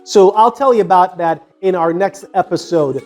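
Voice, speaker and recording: A man's voice: high-pitched, moderate pace, soft background music. A man in his fifties from the United States, casually telling a personal story in a rambling way with many fillers and restarts.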